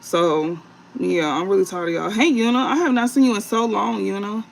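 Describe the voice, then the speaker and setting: High, gravelly-voiced man ranting profanely. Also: slight background noise. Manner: profane, blunt, scolding; drawn-out fillers and repeated phrases. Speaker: online tarot reader. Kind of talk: late-night livestream rant.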